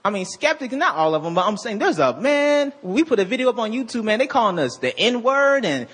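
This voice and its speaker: Animated high-voiced male preacher. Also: brisk, husky. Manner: animated, conversational preaching with slang and restarts. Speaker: pastor. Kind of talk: sermon.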